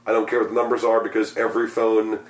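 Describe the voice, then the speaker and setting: A man hosting a casual podcast, rambling and swearing freely, his voice going hoarse. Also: fairly low pitch, flat delivery, fast talker, reverberant. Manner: profane, rambling, self-mocking. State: losing his voice. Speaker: podcast host.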